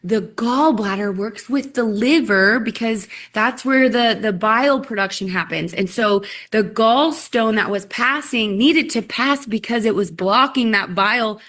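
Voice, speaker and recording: A woman's voice: on the high side, measured pace, few pauses, a bit bright. A woman sharing her customer story on a live call, enthusiastic and rambling, with lots of "like"s. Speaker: guest customer sharing a testimonial. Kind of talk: casual live-call chat.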